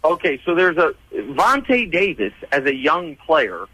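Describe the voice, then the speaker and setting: Husky-voiced man arguing football. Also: fairly high pitch, big pitch swings, unhurried, pushed and bright, highs cut off. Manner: argumentative, storytelling. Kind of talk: casual sports radio banter. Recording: radio studio mic.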